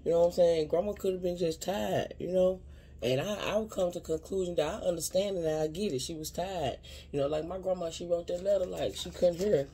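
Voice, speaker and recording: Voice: mid-range voice, fairly quick, warm tone, husky. A spiritual advisor giving a casual card reading straight to viewers, earnest and rambling, often repeating "you know what I'm saying.". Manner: earnest and heartfelt, speaking directly to viewers.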